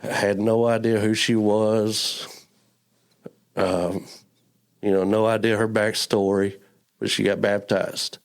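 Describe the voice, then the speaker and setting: A church member appearing as an interview guest gives heartfelt testimony of his faith, his drawl earnest and halting as he stumbles over and repeats words. His fairly low, gravelly voice keeps a level tone, and he is emotional, close to tears.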